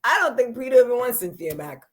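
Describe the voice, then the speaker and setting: A woman co-hosting a casual gossip chat. Her voice swoops high and low in a lively way. She sounds blunt and scoffing. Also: quick pace. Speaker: co-host.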